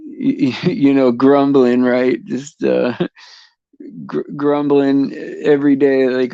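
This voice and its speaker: Slow gravelly man in rambling chat. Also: medium pitch, flat delivery, dark tone, dry recording, muffled recording. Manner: rambling, halting, many fillers and restarts, chuckling often. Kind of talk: casual faith chat, livestream.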